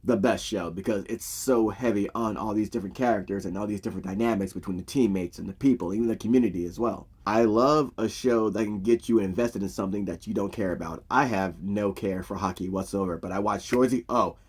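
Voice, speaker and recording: A man casually recapping a TV series, telling it in an animated, profane storytelling way. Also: on the low side, a little fast, few pauses, breathy edge. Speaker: show reviewer.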